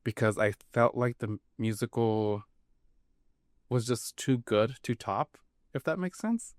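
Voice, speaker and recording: A man's voice: medium pitch, expressive, takes it slowly, no room sound, studio quality. A man co-hosting a podcast in casual chat, talking in a loose, chatty way full of "like" and small laughs. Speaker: podcast co-host.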